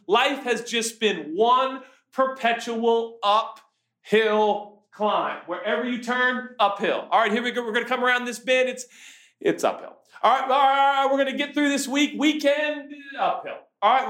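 Man, forties, pastor, sermon, animated storytelling, high voice, echoey room. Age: 40s. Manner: storytelling, animated, acts out his own shouts.

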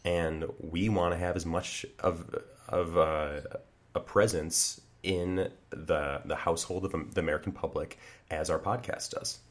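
A man's voice: low voice, fairly even intonation, a little slow. A man co-hosting an improvised comedy podcast, talking earnestly with lots of fillers and restarts. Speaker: podcast co-host.

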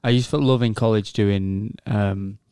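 A man's voice: on the low side, fairly even intonation, a little slow, dark tone, clean tone, no echo, studio quality. A young man chatting casually in a laid-back way. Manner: laid-back, laughs often, frequent agreeing. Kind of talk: casual chat.

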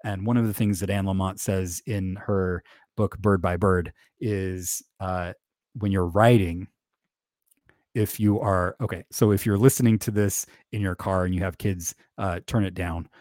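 A man's voice: deep voice, fairly even intonation, measured pace, a little mellow, no echo, clean studio sound. A man hosting a podcast, talking candidly and with self-deprecating humor, chuckling often and restarting his sentences. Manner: conversational, with many fillers and restarts. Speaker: podcast host. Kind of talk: casual podcast monologue on faith.

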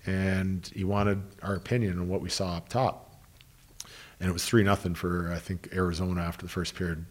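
A man's voice: low-pitched, steady tone, normal speed. A middle-aged man, a former pro hockey player turned coach, telling stories in a loose, rambling interview style full of "you know" and restarted sentences. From Canada, Ottawa. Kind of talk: casual interview storytelling.

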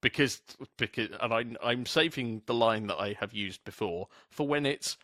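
A man's voice: mid-range voice, normal speed, sharp tone, no room sound, studio quality. A man from the UK hosting a casual podcast chat, rambling through asides and swearing freely. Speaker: podcast host.

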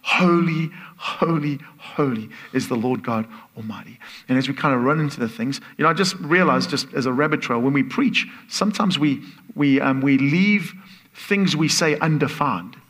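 Husky guy preaching, kinda highish voice, goes soft then gets all excited. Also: moderate pace. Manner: earnest, builds from soft to excited exclamations, laughs between phrases. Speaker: guest preacher. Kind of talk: sermon.

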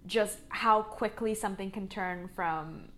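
A woman's voice: medium pitch, unhurried, a bit bright. A woman co-host in casual chat, talking in an earnest, reflective way.

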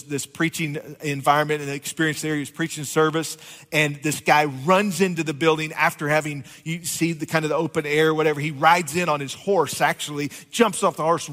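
A man's voice: fairly high pitch, a bit bright, in a large hall. A man preaching a conversational sermon as pastor, joking with his congregation. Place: church sanctuary.

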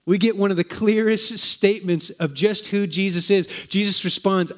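Male preacher with a slightly high voice, chatty sermon delivery full of rhetorical questions. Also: fairly even intonation, moderate pace, hardly any pauses. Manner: conversational, with rhetorical questions and repetitions.

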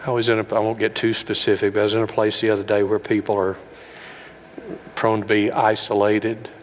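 A man's voice: flat delivery, a little fast, slight background noise. Earnest preacher man in a reverberant hall. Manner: folksy, earnest preaching that swells to loud high peaks. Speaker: pastor. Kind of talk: sermon. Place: large room with an audience.

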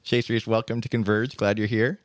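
A man's voice: lowish voice, flat delivery, normal speed, dry recording. A middle-aged man hosting an interview podcast, introducing his guest in an earnest, reflective way. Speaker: podcast host.

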